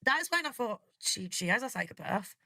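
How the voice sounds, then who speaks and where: A woman's voice: fairly high pitch, big pitch swings, normal speed, vocal fry, sharp tone, no room sound. A woman giving frank opinions in a casual podcast chat. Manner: frank, opinionated, laughs mid-sentence. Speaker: podcast co-host.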